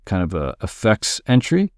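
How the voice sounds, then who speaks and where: A man casually teaching music production, thinking aloud while he works and muttering at his software. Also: lowish voice, wildly swooping pitch, normal speed. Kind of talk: casual screen-recorded tutorial.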